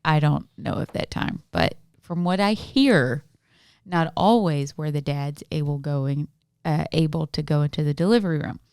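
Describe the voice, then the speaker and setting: A woman with a low, smooth, clear voice, co-hosting a casual podcast. She tells jokes with animated delivery and laughs often. The sound is dry and close. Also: moderate pace, no echo. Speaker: podcast co-host. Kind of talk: casual chat, telling jokes.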